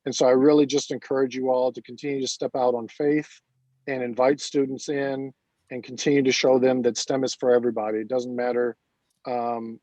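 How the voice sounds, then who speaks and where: A college dean giving an earnest, halting speech with many fillers at an online ceremony over a video call. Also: male voice, mid-range voice, dark tone, dry recording, low-quality recording.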